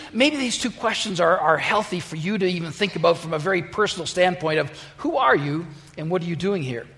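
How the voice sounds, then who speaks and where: A pastor preaching a sermon and telling a story, with frequent fillers and restarts, in a church sanctuary. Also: male voice, high voice, a bit bright. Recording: long church reverb.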